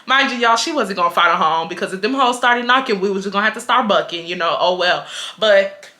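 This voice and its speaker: A woman in her twenties from Houston telling a storytime vlog in casual chat, animated and acting out what people said. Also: mid-range voice, quick pace. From Houston, Texas. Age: 20s. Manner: animated, quotes people, switches between laughing and getting fired up. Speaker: vlogger.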